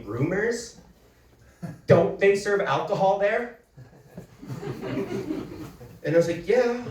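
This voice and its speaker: A man's voice: high-pitched, a bit bright. A man from Manitoba doing a self-deprecating stand-up set in a comedy club, laughing through his punchlines. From Manitoba, Canada. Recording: roomy club recording from a distance, audience noise.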